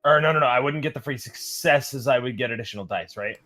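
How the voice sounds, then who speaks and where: A man playing a tabletop role-playing game, talking rules in a quick, self-correcting way. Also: mid-range voice, pushed and bright, soft background music. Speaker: player.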